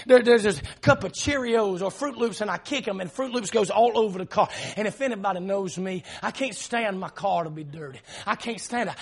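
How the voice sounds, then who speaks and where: A male pastor telling a story in an emphatic sermon, often shouting and laughing as he preaches. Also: very high voice, vocal fry, breathy edge.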